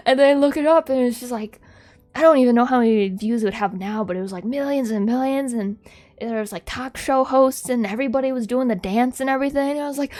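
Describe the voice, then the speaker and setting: Soft background music accompanies a young adult VTuber whose voice is a little high, brisk and darkish in tone. She rambles through casual stream chat, giggling frequently and leaning heavily on "like."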